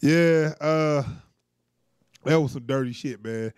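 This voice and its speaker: A man co-hosting a casual reaction chat, laughing often and acting out quotes in an animated way. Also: fairly high pitch, takes it slowly, clear, resonant tone, no room sound, clean studio sound. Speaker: co-host.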